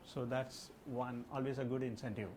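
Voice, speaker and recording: A man's voice: medium pitch, fairly even intonation, normal speed, a little mellow, slight background noise. A man teaching an English test class, explaining answers with lots of "like" and "okay". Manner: addresses a class with questions. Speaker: language test trainer. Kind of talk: live classroom lesson.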